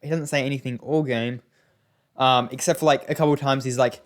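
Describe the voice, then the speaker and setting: A man's voice: mid-range voice, fast talker, soft background music. A young man giving casual, rambling gameplay commentary, often exasperated, with many fillers and restarts. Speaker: gaming YouTuber.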